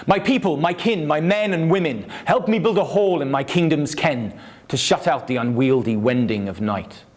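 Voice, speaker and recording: A man's voice: fairly high pitch, animated, moderate pace, natural voice. A man reading the verse lines of an unhappy, self-doubting Danish king in a declaiming manner, lines trailing off at the end. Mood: solemn.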